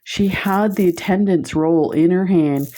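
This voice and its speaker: A woman's voice: fairly low pitch, measured pace, mellow. A woman presenting beads on camera in a casual chat, telling stories and laughing often. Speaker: bead shop video presenter.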